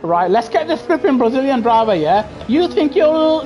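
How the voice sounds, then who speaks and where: A woman doing live racing gameplay commentary, excitable and trash-talking other drivers, bursting into shouts. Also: high voice, moderate pace, few pauses, soft background music. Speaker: gaming streamer.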